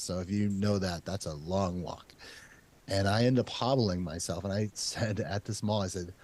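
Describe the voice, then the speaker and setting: A man hosting an interview podcast, telling a long personal story in a rambling, animated way, laughing and swearing as he goes. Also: fairly low pitch. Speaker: podcast host. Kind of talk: casual interview chat.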